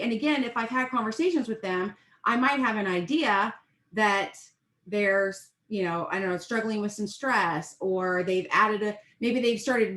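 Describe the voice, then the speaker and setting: A woman's voice: mid-range voice, a bit bright, reverberant. A woman giving a rambling, chatty and encouraging talk as a sales team leader. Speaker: network marketing team leader. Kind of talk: casual live video pep talk.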